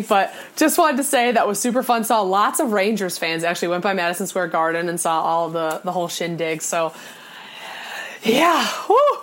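A young woman chats on a podcast. She tells her stories in a bubbly way, laughs often, and throws her voice into lively quotes. Her voice sits in an ordinary middle range. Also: mid-range voice. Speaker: podcast co-host. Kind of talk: casual chat.

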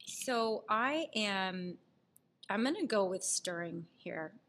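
A woman's voice: mid-range voice, expressive, takes it slowly, fairly bright tone, slight background noise. A woman co-hosting a podcast, casually explaining what she does as she mixes a cocktail. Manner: explains while mixing a drink. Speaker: podcast co-host. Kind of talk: casual chat.

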